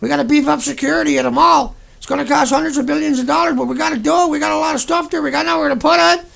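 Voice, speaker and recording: A man's voice: extremely high pitch, steady tone, racing, vocal fry, a bit bright, pitched above the performer's own voice, heavily acted. A man putting on the voice of a smug, dismissive male nuclear industry spokesman in a condescending, mocking sing-song. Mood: mock-cheerful.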